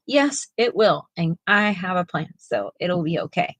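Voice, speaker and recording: A woman's voice: medium pitch, animated, moderate pace, fairly bright tone, no room sound, poor audio. A middle-aged woman co-hosting a live art stream, chatting casually and rambling with lots of fillers and restarts. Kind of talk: casual chat while painting.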